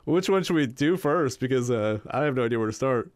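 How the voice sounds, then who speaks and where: A man's voice: medium pitch, lively intonation, brisk, no room sound, studio quality. A man co-hosting a podcast in casual chat, laughing often between his remarks. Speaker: podcast co-host.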